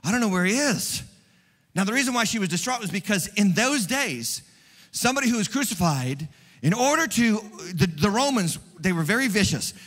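A pastor preaches with a high, bright voice that carries through a long-echoing church hall. He is animated, sinking to quiet, tender lines and then climbing loud and quick. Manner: animated, swings from hushed to loud and fast. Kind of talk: Easter sermon.

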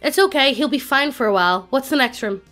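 A synthetic woman's voice reading the lines of a soft-hearted, sarcastic cleric. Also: high voice, expressive, fast talker, faint music behind, pitched above the performer's own voice.

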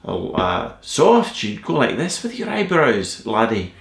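A man's voice: medium pitch, huge pitch swings, takes it slowly, vocal fry, reverberant, full character voice. A man doing an old Scottish cello teacher. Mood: instructive.

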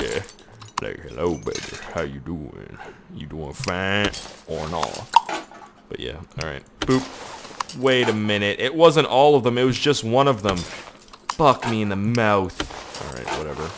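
A young man with a Canadian accent, low-voiced and freshly out of bed, talks his viewers through a game in a loose, profane, excitable way. A clear hiss of noise sits under his voice throughout the recording. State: just woke up. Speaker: gaming video host. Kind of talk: casual gameplay commentary.

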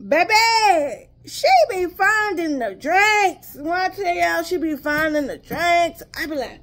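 A woman's voice: very high-pitched, animated, a little slow, a bit bright. A woman from Texas with a Southern accent, chatting casually to her viewers, addressing them as y'all and drifting into asides. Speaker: haul vlogger.

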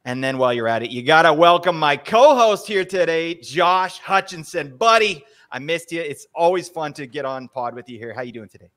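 Upbeat, fairly high-voiced man hosting a podcast. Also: animated, moderate pace, hardly any pauses, a bit bright. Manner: upbeat, hype-man banter. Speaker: podcast host. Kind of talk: casual podcast chat.

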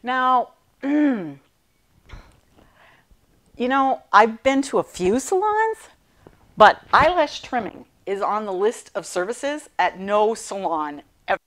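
A middle-aged woman and cancer survivor telling her own story in a class talk, animated and self-deprecating, laughing often. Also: on the high side, takes it slowly, pauses often.

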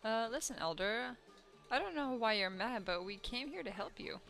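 A woman's voice: on the high side, animated, moderate pace, vocal fry, a bit bright, faint music behind, voice pushed up. A woman voicing an earnest young male bug-like creature in a video game. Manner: earnest, pleading.

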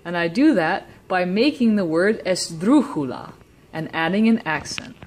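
Woman teaching Spanish in a low voice. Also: expressive, a little mellow. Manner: slow, deliberate word demonstrations. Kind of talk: classroom-style explanation.

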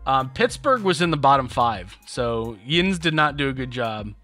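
A man's voice: mid-range voice, big pitch swings, normal speed, pushed and bright. Rambling podcast guy, music under. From Buffalo area, New York. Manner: loose, rambling, many fillers. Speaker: podcast co-host. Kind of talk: casual chat.

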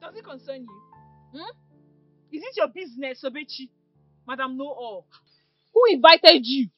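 A defiant, scheming boyfriend snatcher. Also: female voice, high-pitched, expressive, normal speed, muffled recording, soft background music. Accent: Nigerian. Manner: defiant, taunting. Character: scheming young woman chasing a friend's boyfriend.

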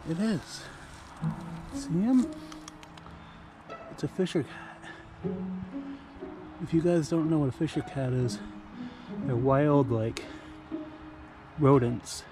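A man's voice: a little high, takes it slowly, pauses often. A man casually vlogging outdoors in a backyard, talking in a laid-back, rambling way. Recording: clear music under the voice.

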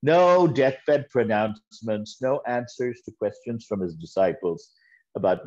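A man speaks slowly and deliberately while delivering a sermon, and he tells parables in which he voices each character. He leans on repeated phrases to make his point. The recording sounds dull and lo-fi, like a church video. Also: mid-range voice, a little mellow. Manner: storytelling with quoted voices and emphatic repetition. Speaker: guest speaker at a church service.

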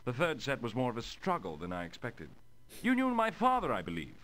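A man's voice: mid-range voice, wildly swooping pitch, brisk, a bit bright. An actor playing a courteous, sporty young male baron in a video game, speaking in a polished, formal way.

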